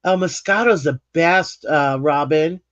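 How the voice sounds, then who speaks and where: A woman's voice: low-pitched, a little slow, dry recording. A woman hosting a live craft stream, chatting casually, laughing often and rambling through restarts. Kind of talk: casual chat while reading comments. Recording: slightly muffled dry live stream audio.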